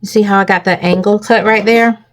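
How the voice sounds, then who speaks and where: A woman's voice: mid-range voice, fairly even intonation, fairly quick. A woman hosting a crafting tutorial, walking viewers through each step and checking in with them often.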